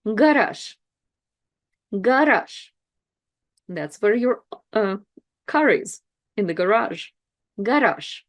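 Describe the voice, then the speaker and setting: A woman teaching pronunciation, saying each word slowly and then repeating it. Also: mid-range voice, lively intonation. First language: Russian. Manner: repeats each word twice, slow and deliberate. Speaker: language teacher. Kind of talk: slow, clear pronunciation lesson.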